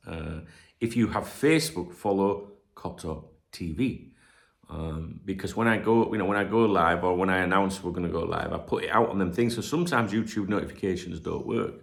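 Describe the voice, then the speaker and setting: A man's voice: low voice, creaky. A man in his forties with a Northern English accent, chatting casually on a home livestream as host, rambling, sweary and jokey. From north of England. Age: 40s. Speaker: channel host.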